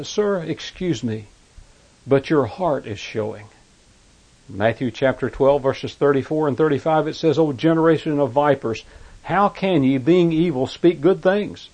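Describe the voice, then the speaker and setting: Man preaching a Bible sermon. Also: darkish tone. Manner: reads scripture aloud in King James wording, then explains it; rises in pitch and force on quoted verses.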